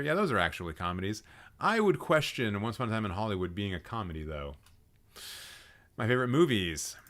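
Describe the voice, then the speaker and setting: A young man hosting a live stream, reading out viewers' film lists and mocking them with sarcastic asides and frequent laughter. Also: on the low side. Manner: sarcastic, mocking, laughs often, swings loud and quiet. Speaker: livestream host roasting viewer film profiles.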